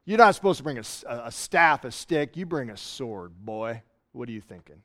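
A preacher putting on a taunting giant warrior. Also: male voice, mid-range voice, animated, normal speed, fairly bright tone, pitched below the performer's own voice, close to an everyday voice. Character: booming boastful giant warrior, trash-talking.

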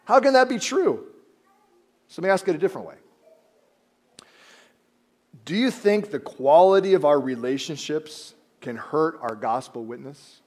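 Animated man preaching a sermon. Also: a little high, normal speed. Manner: animated preaching, acting out voices of biblical figures, dropping to quiet emphasis. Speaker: pastor.

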